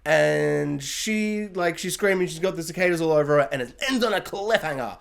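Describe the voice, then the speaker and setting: Young man, fairly high voice, rambling casual review, animated asides. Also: creaky. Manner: rambling, animated, acts out characters' lines.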